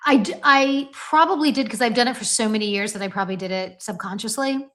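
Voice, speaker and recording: Excitable woman telling a story. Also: a little high, fast. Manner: storytelling, excitable, repeats phrases. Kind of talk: podcast conversation.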